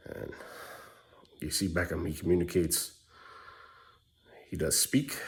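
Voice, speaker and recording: A man talking to camera as a dad vlogger, candid, rambling and blunt, with casual swearing. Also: sits low. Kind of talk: rambling personal vlog monologue.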